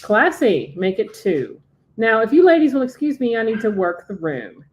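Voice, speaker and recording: A woman's voice: on the high side, big pitch swings, normal speed, a little hiss or hum, voice pushed up. A woman reading as a charming, flirtatious man. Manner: smooth, flirtatious.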